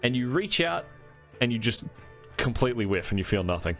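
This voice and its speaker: A man's voice: mid-range voice, sing-song, a little fast, fairly bright tone, faint music behind. A man narrating as game master of a tabletop game, rambling with many fillers and restarts.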